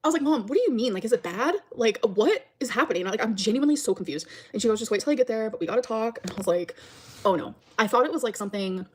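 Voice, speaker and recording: Fast-talking woman telling a rambling story. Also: on the high side, lively intonation. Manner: rambling, filler-heavy, acts out quotes. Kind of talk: casual storytelling vlog.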